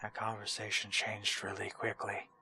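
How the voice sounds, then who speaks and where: A young man hosting a relaxed let's play, talking in a laid-back, rambling and self-mocking way. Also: on the low side, normal speed. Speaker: gaming channel host.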